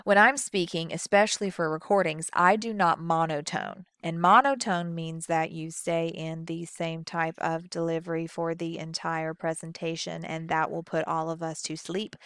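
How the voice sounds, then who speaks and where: A woman's voice: sits low, moderate pace, hardly any pauses, clear, resonant tone, no room sound, clean studio sound. A woman with a Southern US accent teaching public speaking in a recorded lecture, moving her voice up and down to show each technique. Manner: expressive, demonstrates vocal techniques.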